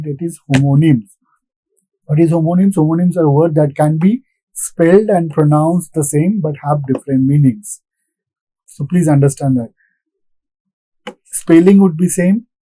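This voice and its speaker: A man's voice: fairly high pitch, dark tone, husky, no room sound, poor audio. A man giving a recorded lesson, patiently repeating points and answering his own questions. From India. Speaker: English lecturer. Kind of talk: recorded classroom lecture.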